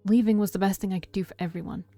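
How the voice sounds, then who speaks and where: Woman reading a guilty young guy, quiet and gravelly, low-key, faint music behind. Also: fairly even intonation, racing, close to an everyday voice. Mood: grim. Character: troubled young man confessing a past killing.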